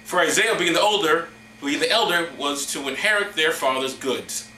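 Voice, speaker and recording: Guy hamming up scripture readings with deadpan jokes, bright lively voice, echoey room. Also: on the high side, moderate pace, a little hiss or hum. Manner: deadpan asides, hammy dramatic reading. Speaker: host. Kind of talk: mock-solemn comedic scripture reading.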